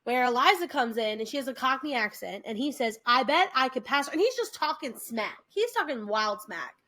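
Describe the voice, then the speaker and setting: A woman's voice: high voice, lively intonation, fairly quick, pushed and bright. A young woman co-hosting a podcast, chatting casually and retelling scenes with playful impressions. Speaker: podcast co-host. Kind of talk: casual chat.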